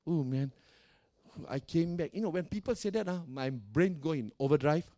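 A man preaching a sermon as pastor of a church, calling out to the congregation and swinging between soft and loud. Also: a little high, animated, moderate pace. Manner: preaching with call-and-response and dramatic swings in volume.

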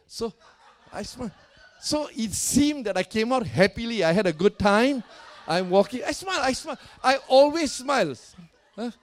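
A middle-aged man preaching a lively storytelling sermon, laughing often and swinging between loud and soft. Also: high voice. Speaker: pastor.

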